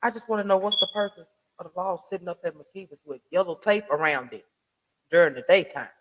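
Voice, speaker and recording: Here a man with a high, fairly bright voice talks fairly quickly while hosting a casual online commentary vlog. His emphatic rant is slangy and profane, peppered with rhetorical questions and stammering restarts, captured through a home desk mic with a soundboard.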